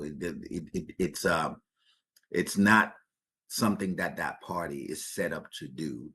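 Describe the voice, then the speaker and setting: Deep and a little bright, this man's voice carries opinionated podcast commentary. He's emphatic, throws rhetorical questions at his audience, and frequently repeats words as he restarts his sentences.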